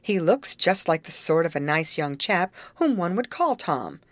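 A woman voicing a confident young woman who leads her friends, speaking calmly and self-assuredly. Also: fairly low pitch, unhurried, no echo. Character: confident young woman leader, calm and teasing.

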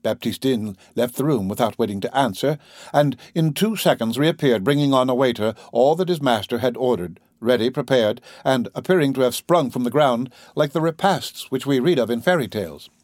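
A man narrating an audiobook of a classic novel in a steady, measured reading voice. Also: mid-range voice, dry recording, studio quality.

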